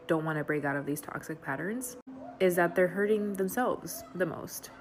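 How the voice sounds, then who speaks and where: A woman's voice: on the low side, slight background noise. A woman talking through family patterns in an earnest, thoughtful, conversational way. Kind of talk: reflective commentary.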